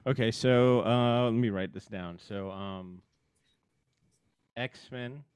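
A man hosting a comic book podcast, running the segments with playful, quick banter. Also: medium pitch, a little mellow, clean tone, no echo. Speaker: podcast host. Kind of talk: casual chat.

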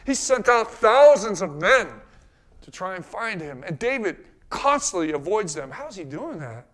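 Guy with a high voice preaching, lots of questions to the crowd, goes quiet then loud. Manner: rhetorical questions, swings from soft to loud. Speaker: pastor. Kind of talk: sermon.

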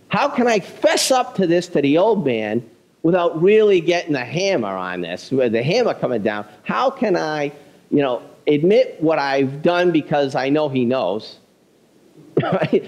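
A male pastor delivering a conversational, self-deprecating sermon, telling a story with animated delivery. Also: on the high side, rough recording.

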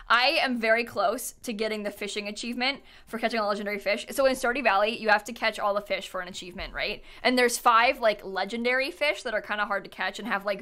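Her pitch sits fairly high, and her tone comes across bright and pushed. Rambling and casual, this young adult woman talks with her live stream audience, laughing in giggles and leaning on lots of fillers over quiet background music.

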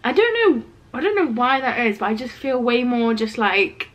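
A woman's voice: a little high, moderate pace, a bit bright. Chatty young woman vlogging at home. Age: 20s. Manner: chatty, lots of "like" fillers. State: slightly ill, throat rough. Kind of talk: casual vlog chat. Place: student flat, indoors.

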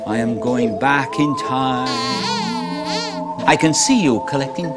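A man's voice: mid-range voice, takes it slowly, loud music behind the voice. A man presenting a children's TV show, doing playful magician patter in a sing-song way.

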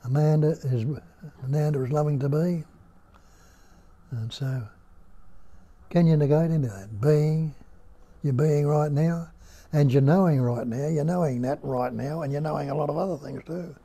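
An older man with an Australian accent, giving a slow, musing spiritual talk at home and putting rhetorical questions to his listeners. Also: on the high side, gravelly, warm tone, husky. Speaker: spiritual teacher. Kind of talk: unhurried nondual teaching talk. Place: indoor room at home.

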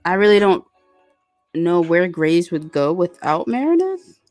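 A woman's voice: fairly low pitch, very animated, a little slow, a little mellow, soft background music. A woman hosting a casual live stream, chatting and rambling with lots of fillers as she reads out viewer comments. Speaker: livestream host reading viewer chat.

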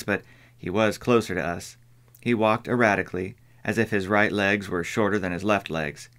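Man, low voice, audiobook narrator, measured even storytelling. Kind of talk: scripted narration.

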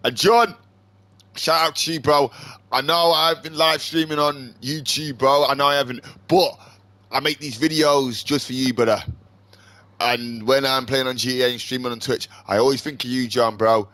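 A man commenting on his own game, flipping between shouted swearing and low muttering to calm himself. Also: normal speed, dry recording. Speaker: gaming streamer. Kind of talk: casual gameplay commentary.

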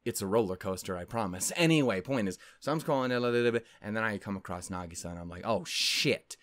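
Guy rambling thru a story on his channel, kinda low voice, dead dry mic, lots of cussing. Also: lively intonation, quick pace, dry recording. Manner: rambling, self-interrupting, swears a lot, keeps saying "anyway, point is". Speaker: anime video creator.

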